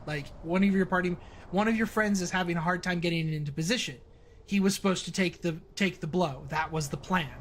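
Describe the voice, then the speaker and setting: A man's voice: high voice, moderate pace, fairly bright tone, slight background noise. A man streaming the development of his own game, rambling through casual explanations of how it plays. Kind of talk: casual livestream commentary.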